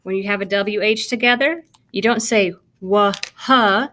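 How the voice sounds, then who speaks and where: Brisk and a bit bright, a woman's mid-range voice carries a slow, patient phonics lesson for young children. She works through kindergarten sight words by sounding out and spelling each, cheering the kids on with praise and speaking encouragingly right to the child watching.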